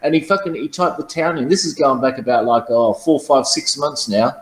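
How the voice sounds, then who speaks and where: A man's voice: mid-range voice, a little fast, reverberant, low-quality recording. A man telling profane, boastful stories in casual chat, often laughing at his own tales. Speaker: channel host.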